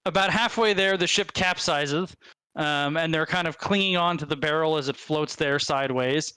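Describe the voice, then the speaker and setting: A man narrating as game master of a tabletop game, halting, with many fillers and restarts. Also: fairly high pitch, bright, forceful tone, clean tone, dry recording.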